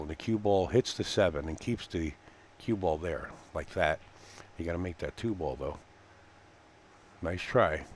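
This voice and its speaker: Deep-voiced guy calling a pool match, laid back and chatty, lots of uhs, faint hum behind him. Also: a little mellow. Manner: chatty, folksy, laughs easily, frequent fillers. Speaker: pool commentator. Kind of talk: live sports commentary. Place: pool hall commentary booth.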